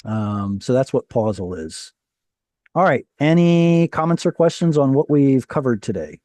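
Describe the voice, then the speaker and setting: A man's voice: medium pitch, big pitch swings, a little slow, a little mellow, dry recording. A man teaching a Hebrew reading class over a video call, explaining patiently, quizzing his students and correcting himself as he goes.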